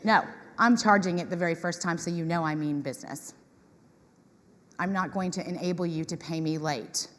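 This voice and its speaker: A woman giving a lively talk to an audience, acting out customers in quoted voices. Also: lowish voice, moderate pace. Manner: animated, acts out tenants in quoted voices. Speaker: conference speaker on property management. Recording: reverberant hall.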